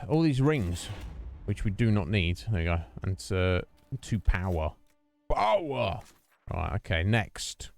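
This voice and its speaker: With soft music behind him, a man streams a video game in a deep, darkish voice at a measured pace. He chats casually, thinking aloud while playing and greeting viewers.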